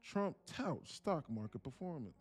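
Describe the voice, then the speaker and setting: A man hosting a live day-trading stream, telling stories in a casual, animated way and muttering about the charts. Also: fairly high pitch, measured pace, breathy edge, faint music behind. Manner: animated storytelling, acts out quotes, laughs often. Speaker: livestream day trader. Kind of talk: casual livestream chat.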